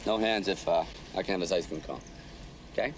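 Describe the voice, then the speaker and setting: Man doing a brash union organizer, very low voice, rapid talk, noisy film soundtrack. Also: close to an everyday voice. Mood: flirty. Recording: film soundtrack with steady background noise.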